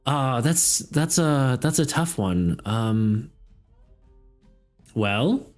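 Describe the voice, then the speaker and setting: A man runs a tabletop fantasy game for his stream, rambling through his narration with many fillers and chuckles. He speaks slowly, at a middling pitch, while faint fantasy music plays underneath. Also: lively intonation. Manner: laughing, rambling, filler-heavy.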